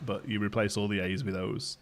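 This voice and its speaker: A man's voice: on the low side, little pitch movement, a little fast. A man chatting casually with his audience while streaming a game, laughing often as he talks. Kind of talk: casual live-stream chat. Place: home in Ontario, Canada.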